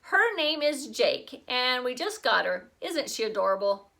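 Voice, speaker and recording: A woman reading aloud, voicing a bossy young girl who speaks in an indignant, sharp way. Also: high-pitched, big pitch swings, unhurried, vocal fry, heavily acted. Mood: snippy.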